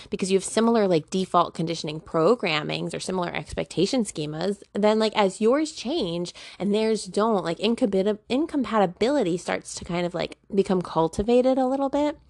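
Woman vlogging about relationships, says like constantly, gravelly fry, dry close sound. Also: medium pitch, a little fast, few pauses, a little mellow, dry recording. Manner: chatty, peppered with "like", slangy. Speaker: spiritual self-help vlogger. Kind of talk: casual talking-to-camera monologue.

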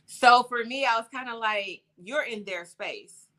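A woman co-hosting a casual chat podcast, relaxed and talkative with lots of fillers. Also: on the high side, unhurried. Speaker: podcast co-host.

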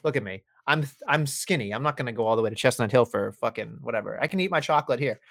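A man co-hosting a podcast in casual wrestling chat, swearing freely and getting worked up. His voice climbs high in rants, recorded dry and close with no room sound. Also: quick pace, vocal fry, no room sound. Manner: excitable, swears often, rants with rising pitch. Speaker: podcast co-host.

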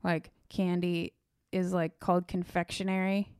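A woman's voice: lowish voice, flat delivery, a little slow, darkish tone, clean tone, no echo, studio quality. A young woman co-hosting a podcast, telling loose, profane stories in casual chat. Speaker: podcast co-host.

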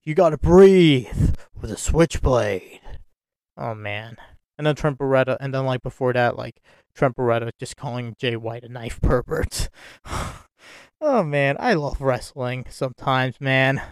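A man's voice: mid-range voice, a little slow, clear, resonant tone, no echo, studio quality. A man hosting a casual wrestling talk show alone, rambling with many fillers and restarts and often breaking into giggles. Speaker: wrestling podcast host. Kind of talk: casual solo commentary.

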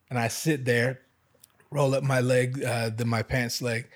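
A man's voice: mid-range voice, steady tone, normal speed. A man in his thirties hosting a casual chat, telling stories in a laid-back, slangy, profane way. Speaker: podcast host.

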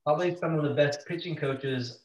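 A man's voice: a little high, brisk, darkish tone, lo-fi sound. A man from Washington State hosting a casual chat, easygoing, often saying "man". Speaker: interview host, coach. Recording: roomy, off-mic.

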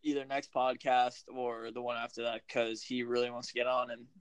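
A man's voice: medium pitch, flat delivery, moderate pace, crowd noise. A man hosting a casual podcast, loose and profane, laughing often between remarks. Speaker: podcast host.

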